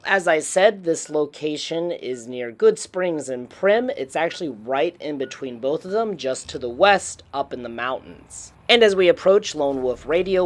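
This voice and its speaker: Chatty game-tour narrator. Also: mid-range voice. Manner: informative, chatty commentary. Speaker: YouTube series host. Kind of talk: gameplay narration voice-over.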